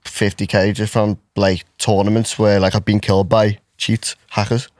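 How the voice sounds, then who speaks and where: A man's voice: lowish voice, level tone, moderate pace, darkish tone, no room sound, clean studio sound. A young man guesting on a podcast, easygoing, repeating himself, saying "innit" and "you know what I mean". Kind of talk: casual chat.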